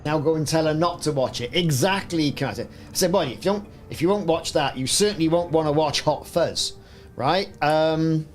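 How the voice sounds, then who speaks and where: In a casual live-stream chat, a Welsh man hosting a gaming session jokes and slips into mock sports commentary. He speaks at normal speed with a fairly high pitch, over a little hiss or hum.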